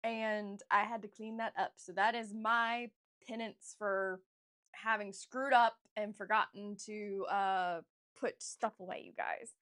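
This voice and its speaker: A woman's voice: medium pitch, fairly even intonation, takes it slowly, fairly bright tone. A woman author chatting casually to viewers on a livestream, rambling with many fillers and restarts and often addressing them as "you guys.". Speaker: author livestreaming a writing session.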